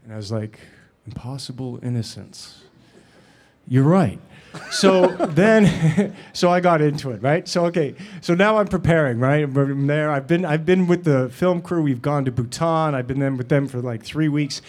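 Halting man telling stories at a Q&A. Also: fairly high pitch. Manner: halting, with many fillers and restarts, laughing often. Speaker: actor and guest at a Q&A. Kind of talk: anecdotal Q&A talk.

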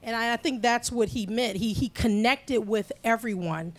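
A woman's voice: on the high side, moderate pace. A woman as an interview guest, speaking reflectively and conversationally with many "you know"s. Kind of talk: casual interview chat.

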